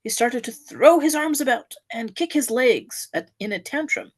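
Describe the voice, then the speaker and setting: Woman reading a devotional parable: earnest and expressive, with a fairly high, lively voice. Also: moderate pace. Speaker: devotee giving an offering. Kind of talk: reading a devotional story aloud.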